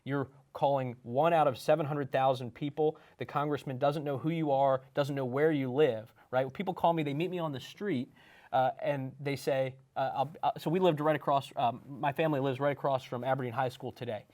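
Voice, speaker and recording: A man's voice: mid-range voice, fairly even intonation, brisk, a little mellow. A man in his thirties, a town mayor, answering interview questions earnestly and explaining at length. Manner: earnest, explanatory, acts out quoted chats.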